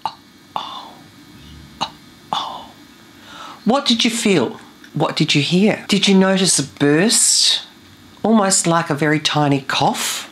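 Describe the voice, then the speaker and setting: A woman with a low, deep speaking voice teaches as a vocal coach. She explains things in a clear, methodical way, like a scripted lesson. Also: animated, unhurried.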